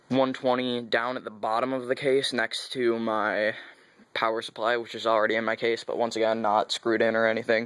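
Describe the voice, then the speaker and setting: In a dry recording, a young vlogger with a fairly bright, mid-range voice offers a loose overview of his computer parts on YouTube. He rambles, fixes his own mistakes, and throws in sarcastic comments.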